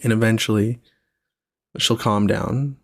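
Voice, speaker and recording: A man's voice: lowish voice, steady tone, a little slow, creaky, dry recording. A young man hosting a podcast, talking in a reflective, rambling way with lots of fillers. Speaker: podcast host. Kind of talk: casual solo podcast chat.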